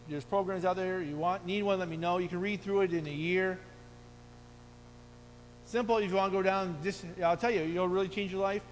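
Middle-aged male preacher, earnest exhorting sermon delivery, high voice, reverberant hall. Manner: earnest, exhorting, quotes scripture. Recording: long hall reverb, faint hum.

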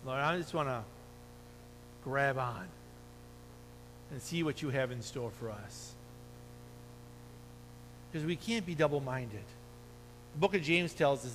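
A middle-aged man preaching a sermon, earnest and exhorting, quoting scripture as he urges his listeners. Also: mid-range voice. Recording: long hall reverb, faint hum.

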